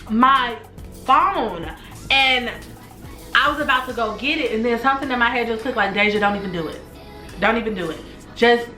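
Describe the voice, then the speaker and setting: Bright-voiced woman telling a storytime. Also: on the high side. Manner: animated, slangy, talks straight to viewers. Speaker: storytime YouTuber. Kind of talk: casual storytime vlog. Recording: echoey room.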